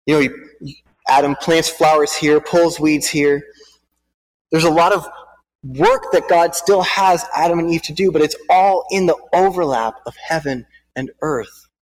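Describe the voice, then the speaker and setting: Man preaching in a reverberant hall. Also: a little high. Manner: halting, repeats words, then reads aloud. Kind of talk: sermon with storybook reading.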